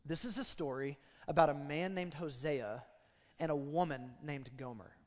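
A man preaching a casual, animated sermon as pastor of a church. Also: on the high side, normal speed, big-room sound. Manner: conversational, animated storytelling.

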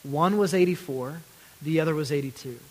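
Preacher, male, slightly high voice, earnest and pleading, long church reverb. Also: normal speed. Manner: earnest, building to pleading intensity then dropping to near-whispers. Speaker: pastor. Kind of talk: sermon.

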